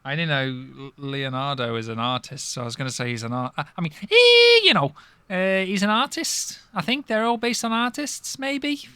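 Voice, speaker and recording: A man's voice: fairly high pitch, big pitch swings, normal speed, pushed and bright, smooth, dry recording. A man rambling playfully as a panelist on a comedy quiz podcast. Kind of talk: comic quiz banter.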